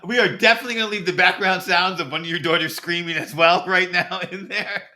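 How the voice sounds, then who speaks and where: A man's voice: high-pitched, steady tone, fast, pushed and bright. A middle-aged man co-hosting a podcast, talking in a thoughtful, reflective way in casual chat. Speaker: podcast co-host.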